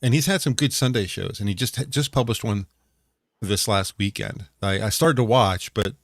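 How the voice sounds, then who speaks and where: A man's voice: lowish voice, moderate pace, vocal fry, no echo, studio quality. A man co-hosting a casual online talk show, telling rambling stories with many restarts. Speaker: podcast co-host. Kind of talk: casual chat.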